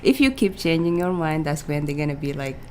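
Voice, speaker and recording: A woman's voice: low-pitched, lively intonation, a little fast, a little mellow, a little hiss or hum. A woman who is a mother of three, giving earnest, practical parenting advice as a guest in a casual radio conversation.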